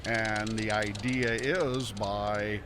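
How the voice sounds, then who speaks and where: A man at a trade show, calmly explaining his fitness product to an interviewer in a steady, explanatory way. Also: lowish voice, very slow, background noise. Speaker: inventor of fitness equipment. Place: busy home show floor indoors. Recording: crowded trade show floor. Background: crowd chatter.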